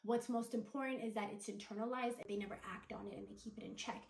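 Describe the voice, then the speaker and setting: A woman's voice: fairly high pitch, fairly even intonation, quick pace, creaky, a little mellow, reverberant, a little hiss or hum, poor audio. Chatty woman retelling a story. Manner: chatty, quotes people in dialogue, many "like" and "da, da, da". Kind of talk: casual storytime commentary.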